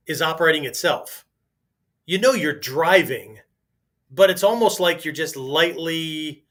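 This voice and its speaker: A man's voice: on the high side, pushed and bright. A man hosting a podcast, talking through ideas in a loose, conversational monologue and tagging nearly every thought with "right?". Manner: conversational, constantly asks "right?", restarts sentences. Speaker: podcast host and martial arts teacher.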